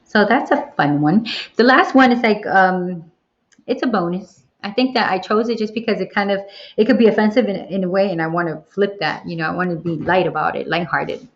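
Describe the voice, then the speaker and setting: Candid, animated woman on a lo-fi livestream. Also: medium pitch, a little fast. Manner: candid, animated, swears freely. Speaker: livestream host. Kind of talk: casual livestream Q&A chat. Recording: dull lo-fi livestream audio.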